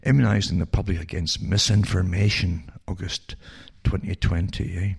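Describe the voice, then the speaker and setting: An older man with a Scottish accent reads out news stories in a sardonic tone and keeps cutting in with mocking asides. His voice sits very low and is thick with gravelly fry. It sounds rough and husky throughout. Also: fairly even intonation, normal speed. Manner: sardonic, asides like "eh?" and rhetorical questions. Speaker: radio talk show host. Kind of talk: reading news items aloud with sarcastic commentary.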